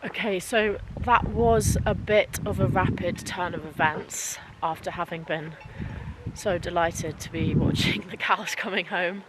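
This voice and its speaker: Slow-talking English woman vlogging outdoors. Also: lowish voice, heavy background noise. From England. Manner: enthusiastic, gushing. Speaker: travel vlogger. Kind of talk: casual travel vlog. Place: outdoors in rural countryside.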